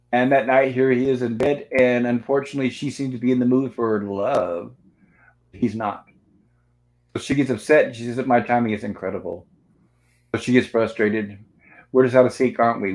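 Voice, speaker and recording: A man's voice: medium pitch, darkish tone, poor audio. A man hosting a casual livestream review, walking through a film scene by scene and reading out its lines. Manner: narrates scenes step by step, reading out dialogue. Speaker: host of a movie review livestream. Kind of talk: casual movie recap.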